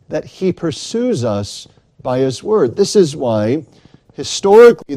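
A man's voice: on the high side, dark tone. A man preaching a sermon, earnest and building to emphatic declarations.

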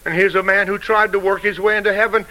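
A man's voice: flat delivery, fast talker, poor audio. An older man preaching a fervent, emotional sermon, quoting scripture in old-fashioned wording. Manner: fervent, emotional preaching with wide swings in pitch and loudness.

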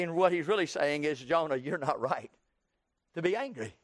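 A man in his sixties preaching a sermon, slowing down for emphasis and breaking into loud acted quotes. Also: a little high, animated, dry recording, studio quality.

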